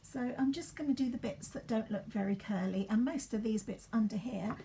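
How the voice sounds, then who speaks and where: This is a chatty woman, her voice sitting slightly high. She rambles to the camera while styling her hair at home and keeps dropping into soft, half-whispered asides. The home recording carries a faint hiss. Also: fairly quick, gravelly. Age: 50s. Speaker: beauty vlogger. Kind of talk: chatty get-ready-with-me vlog.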